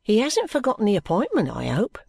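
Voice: mid-range voice, wildly swooping pitch, fairly quick, creaky, darkish tone, husky, no room sound, voice pushed up, full character voice. A reader voicing a pompous, touchy young male law clerk who protests at length in flowery, wounded terms. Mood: curious. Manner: wordy, injured remonstrance.

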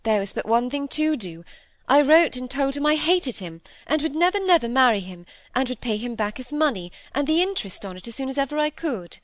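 A woman's voice: high-pitched, expressive, a little fast, no room sound. Woman reading as a troubled, confessing young woman. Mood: confiding. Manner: earnest, regretful, rising to indignation. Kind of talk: audiobook reading of dialogue.

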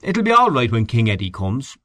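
A man's voice: medium pitch, wildly swooping pitch, fairly quick, a bit bright, dry recording. A man voicing a breezy, cheerful fellow in an audiobook reading, with a jaunty manner. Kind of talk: audiobook character voice.

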